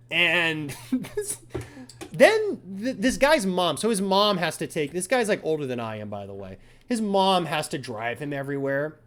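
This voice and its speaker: A man hosting a casual chat, telling an angry story with lots of swearing and acted-out quotes. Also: on the high side. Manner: profane, animated, acts out quotes. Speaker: podcast host.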